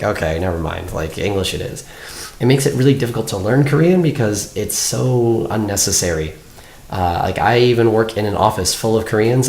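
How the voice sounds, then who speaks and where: A young man from Canada chatting casually as a vlogger in his apartment, laid-back and full of "like". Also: lowish voice. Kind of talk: casual chat. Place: apartment room. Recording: echoey room, faint noise.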